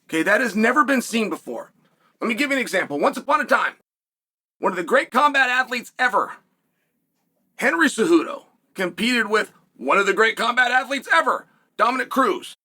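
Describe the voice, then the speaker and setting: Animated, husky-voiced male commentator. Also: very high-pitched. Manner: emphatic, storytelling, drawn-out dramatic pauses. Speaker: show host. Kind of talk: solo commentary.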